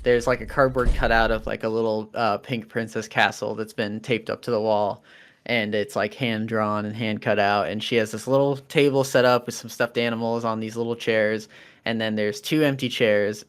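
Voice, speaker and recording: A man's voice: fairly low pitch, moderate pace, smooth. Male game master narrating a tabletop game. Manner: relaxed, explaining rules, many fillers.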